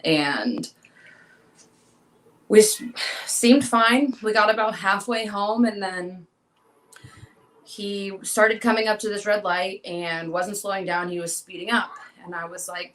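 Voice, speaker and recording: In an interview, a young woman shares an emotional personal story, performing the lines of dialogue she quotes. Her voice is mid-range and fairly bright, her pace unhurried, and the audio poor.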